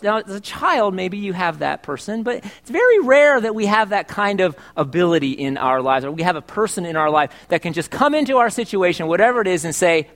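High-voiced joking male pastor. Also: expressive, fairly quick, few pauses, a bit bright. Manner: conversational and joking, asks the congregation questions. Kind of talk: sermon. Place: church service.

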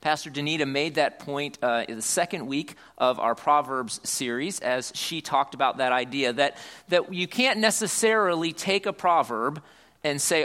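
A man's voice: fairly high pitch, normal speed, pushed and bright. A man preaching a sermon as a church pastor, earnest, often repeating words as he restarts, reading scripture aloud.

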